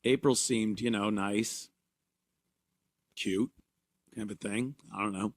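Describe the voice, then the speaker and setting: A man talking casually on a podcast, hesitant, pausing with fillers and trailing off. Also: lowish voice, steady tone, no room sound. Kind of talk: casual chat.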